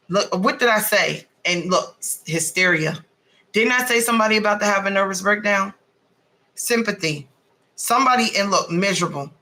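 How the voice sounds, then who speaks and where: Woman, tarot reader, casual spiritual reading, blunt, animated, profane, piercing bright tone. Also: lowish voice, low-quality recording. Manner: blunt, salty and animated, swears freely.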